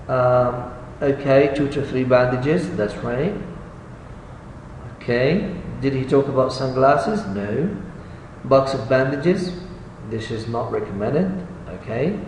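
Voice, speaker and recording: A male English teacher whose first language is Arabic talks slowly and patiently as he works through answers with his students. His voice sits well back from the mic in a roomy space with a long reverb tail. A faint hiss runs under it. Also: medium pitch, a little mellow. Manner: patient, checks answers aloud and repeats words. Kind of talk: recorded online class. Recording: echoey room, voice far from the mic, faint background hiss.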